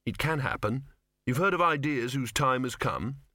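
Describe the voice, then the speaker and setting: A man voicing a nervous young man who explains things cautiously and haltingly. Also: medium pitch, lively intonation, bright, forceful tone, dry recording, clean studio sound, pitched above the performer's own voice. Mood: earnest.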